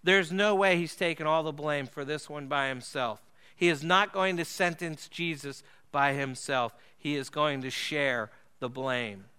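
A man preaching a sermon, earnest and emphatic, slowing and dropping his voice low to stress key phrases. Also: pushed and bright, clear, resonant tone.

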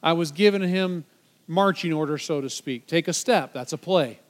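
A man gives a sermon from a church stage, talking to the congregation in an easy, conversational way. His voice sits fairly high for a man. He encourages people and jokes around with a volunteer in a playful tone. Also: normal speed. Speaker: pastor.

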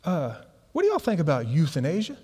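Play a brash, folksy fellow who is eager and forward, pitched up and bright, as a pastor puts him on in his sermon. Let it ring out in a long, echoing hall. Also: wildly swooping pitch, fairly quick, slightly rough, heavily acted. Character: brash friendly adult man, folksy and pushy.

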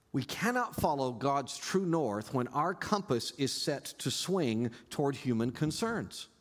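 A male pastor preaching a sermon in an animated way, rising to loud emphasis and dropping to quiet asides. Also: mid-range voice, long reverb tail.

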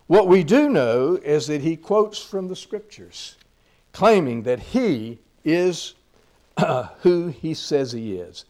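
Male preacher, slightly high voice, sermon delivery with booming, slowed scripture readings and repeated phrases. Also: lively intonation. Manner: swells loud on scripture and drops low on asides; slows on key lines, repeats phrases.

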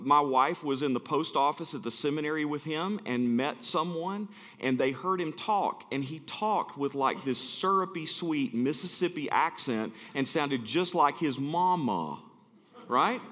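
A man's voice: on the high side, a bit bright, big-room sound. A middle-aged man from Alabama, preaching as a guest speaker and telling self-deprecating stories in a chatty, joking way. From Alabama, USA. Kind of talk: sermon. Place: church sanctuary.

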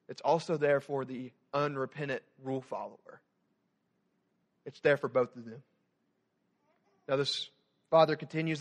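A young student pastor delivers a lively sermon in a mid-range voice, moving between loud, emphatic points and soft, quiet passages.

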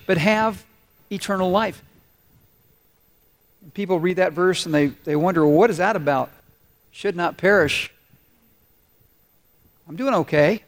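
A male pastor preaching a sermon in church, often pausing to ask the congregation to finish his sentences. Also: high-pitched. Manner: asks the congregation to fill in words.

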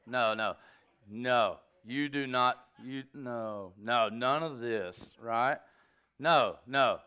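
A male pastor preaching a sermon in an animated, joking way, with rambling asides. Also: mid-range voice, extremely slow, smooth.

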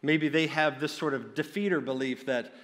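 A man's voice: on the high side, moderate pace, a bit bright, big-room sound. A man preaching a sermon in an earnest, direct way, often restarting his phrases.

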